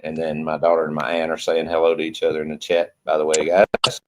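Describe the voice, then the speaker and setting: A man's voice: extremely low pitch, completely flat delivery, a little fast, a little mellow, a little hiss or hum, low-quality recording. A man hosting a casual live panel chat, talking in a folksy, emphatic way and repeating himself for effect. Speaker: livestream host.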